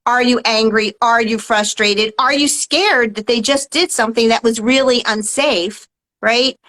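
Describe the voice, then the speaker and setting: A woman guest who teaches mindfulness, explaining calmly and earnestly in an interview, often adding "right?". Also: on the high side, a little slow, rough recording. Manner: calm, earnest, explanatory, many "right?" tags. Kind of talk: interview answers.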